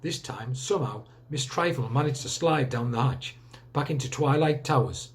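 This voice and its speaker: A male teacher reading a children's book aloud with expressive storytelling. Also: mid-range voice, moderate pace.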